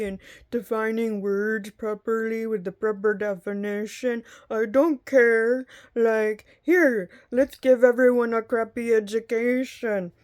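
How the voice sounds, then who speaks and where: A woman's voice: on the high side, darkish tone, close to an everyday voice. A woman putting on the voice of a complacent person who doesn't care about learning, in a mocking tone.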